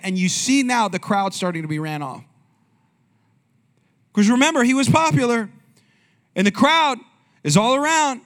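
A man's voice: high-pitched, expressive, moderate pace, long pauses, a bit bright. A young adult male pastor giving a conversational sermon, often asking the congregation questions.

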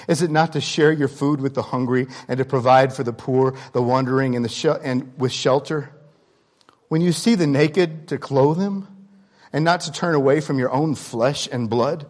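A man preaching a sermon in a conversational, candid way, swinging between loud emphasis and quiet asides. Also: medium pitch. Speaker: pastor.

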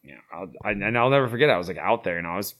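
Middle-aged guy with a real low voice, rambly storytelling, lots of "like" and "you know". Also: expressive, racing, fairly bright tone. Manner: rambling, many fillers, acts out quotes. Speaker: guest, founder of a veteran horse program. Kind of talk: casual storytelling interview.

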